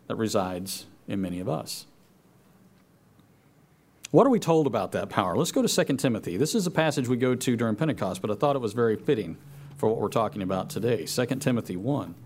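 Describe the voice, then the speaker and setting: A man preaching a sermon, reading scripture aloud and repeating key phrases for emphasis. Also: fairly high pitch. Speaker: pastor.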